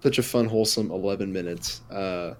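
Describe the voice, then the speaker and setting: A man's voice: low voice, fairly quick. A young man co-hosting a podcast, rambling and hesitant in casual chat. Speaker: podcast co-host.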